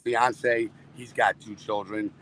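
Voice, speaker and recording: A man's voice: on the low side, flat delivery, slow pace, a bit bright, a little hiss or hum, low-quality recording. An older man, a father giving an interview, talking in a rambling way, full of "you know.". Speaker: father of missing woman. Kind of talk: remote interview.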